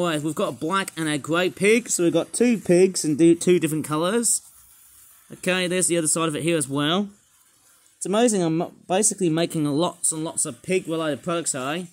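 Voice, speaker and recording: A man with a fairly high voice hosts a toy unboxing with rambling, excitable energy. His throat is slightly croaky and sore, and he fills the gaps with asides and fillers. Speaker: toy reviewer. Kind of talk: casual unboxing review.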